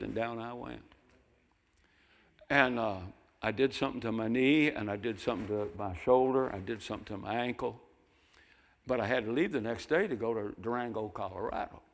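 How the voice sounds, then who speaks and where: An older man preaching a sermon, telling folksy stories and breaking into loud mimicking voices. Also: medium pitch, moderate pace. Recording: long hall reverb.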